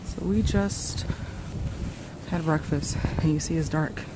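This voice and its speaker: A woman's voice: deep voice, slow, background noise. A woman with an Atlanta Southern accent, chatting and laughing as she films a casual travel vlog on a handheld camera. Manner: giggly, chatty, laughs often. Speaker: travel vlogger. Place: small apartment, then outdoors on a cold street.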